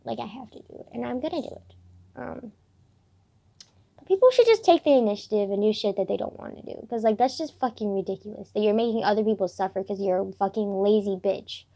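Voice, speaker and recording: A woman's voice: mid-range voice, expressive, fast, creaky, mellow. A teenage girl vlogging casually, rambling with lots of "like" fillers and swearing as she vents about her day. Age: teens. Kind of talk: casual diary vlog. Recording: dull lo-fi recording.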